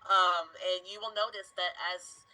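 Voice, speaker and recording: A woman teaches English in a live online class and explains clearly with spoken examples. Her voice is bright and mid-pitched, and her manner is patient. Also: fairly even intonation, unhurried, low-quality recording.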